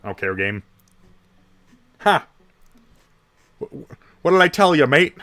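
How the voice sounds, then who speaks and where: A man voicing an excitable, cocky adult male schemer in a put-on Australian accent, loud and high. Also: a little slow, dry recording. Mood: gleeful.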